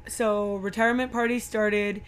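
A woman's voice: mid-range voice, little pitch movement, measured pace. A woman chatting casually about a movie she watched, retelling scenes and quoting the characters' lines. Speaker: movie commentator. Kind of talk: casual movie recap chat.

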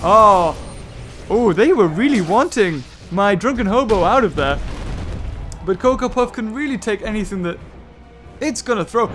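Excitable gaming commentator. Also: male voice, high voice, normal speed, pauses often, faint music behind. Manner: enthusiastic, play-by-play like a sportscaster. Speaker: gaming YouTuber. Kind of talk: excited mobile game commentary.

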